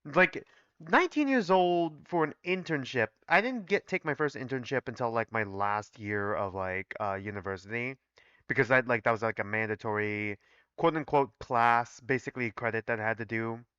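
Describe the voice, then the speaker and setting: A man's voice: mid-range voice, lively intonation, moderate pace, a bit bright, clear, resonant tone, dry recording, highs cut off. A man in his twenties hosting a reading reaction, rambling casually with many fillers. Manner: rambling, filler-heavy, chatty. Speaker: reaction video host.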